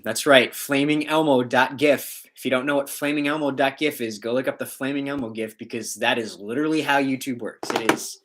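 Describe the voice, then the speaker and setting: A man's voice: medium pitch, normal speed, fairly bright tone. A man hosting a casual livestream, reading out viewer comments and rambling in a joking way, often breaking into laughs.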